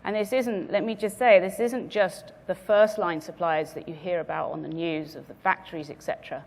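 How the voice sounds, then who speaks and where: A woman speaker giving a measured business presentation to a conference audience, stressing her key words. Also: fairly low pitch, steady tone, darkish tone, long reverb tail. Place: conference venue.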